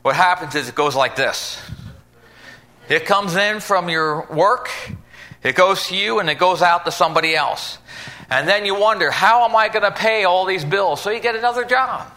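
A man's voice: high-pitched, moderate pace, pushed and bright. A man preaching an informal sermon in a folksy, conversational way, acting out little scenes as he goes.

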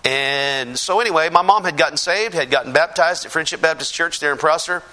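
A man, a pastor, giving a lively testimony sermon to a congregation in a church, acting out the voices of the people in his story. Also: on the high side, brisk. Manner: animated storyteller, acts out quoted voices.

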